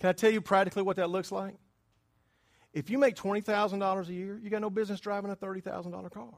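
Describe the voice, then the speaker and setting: A man delivers a sermon with a notably high voice. He talks with his congregation more than at them, checking in with quick questions. He drops to near whispers, then climbs into loud, emphatic bursts. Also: little pitch movement. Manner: conversational preaching, quizzing the congregation; swings between hushed asides and loud emphatic bursts. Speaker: pastor.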